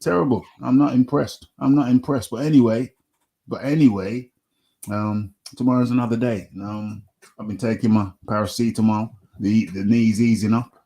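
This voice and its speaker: A man's voice: on the low side, fairly even intonation, normal speed, dark tone. A man hosting a casual boxing podcast, ranting animatedly and repeating his phrases. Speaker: host.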